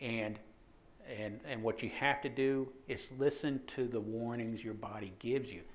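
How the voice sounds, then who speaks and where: A man's voice: medium pitch, unhurried. A man, a police officer giving a training lecture, joking and telling stories, often repeating words and checking in with the audience. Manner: lively, joking storyteller who repeats words and checks in with "okay?".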